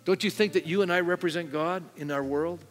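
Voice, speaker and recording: A man's voice: fairly high pitch, steady tone, brisk. Conversational male pastor in a reverberant hall. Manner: conversational, asks the congregation many questions. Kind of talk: sermon with altar call. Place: church sanctuary. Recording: long hall reverb with faint music.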